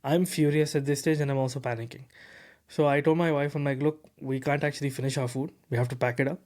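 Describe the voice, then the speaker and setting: A man hosting a tech podcast, telling a story in a lively, casual way with lots of fillers and repeated words. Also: mid-range voice, quick pace. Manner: animated, repeats words, heavy fillers like "bro" and "you know". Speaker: podcast host.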